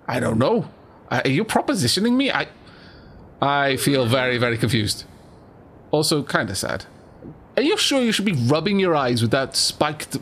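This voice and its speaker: A man's voice: mid-range voice, gravelly, a bit bright. A young man casually commentating a game, playful and self-deprecating, stammering through asides. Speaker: let's play host.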